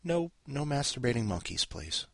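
A man's voice: mid-range voice, big pitch swings, normal speed, vocal fry, no echo. A man hosting a podcast in a rambling, self-interrupting way with wry asides. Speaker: podcast host. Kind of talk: rambling casual chat.

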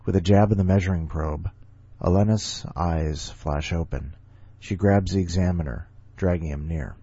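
A man's voice: low-pitched, normal speed, dark tone, breathy edge, no echo. A man hosting a story podcast, reading stories aloud and rambling jokingly between them. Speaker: podcast host. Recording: dull lo-fi recording with faint music.

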